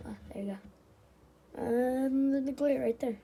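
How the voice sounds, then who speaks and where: A woman with a notably high voice gives casual, chatty commentary as she works through a repair job, laughing often and slipping into a whisper now and then. Loud background noise and tool clicks sit under her voice throughout. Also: measured pace. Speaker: vlogger taking apart a machine. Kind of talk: casual running commentary while working.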